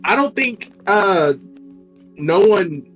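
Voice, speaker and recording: Bright-toned enthusiastic man on a podcast. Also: high-pitched, expressive, slow pace, soft background music. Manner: enthusiastic, analytical. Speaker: podcast co-host. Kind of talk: casual podcast chat.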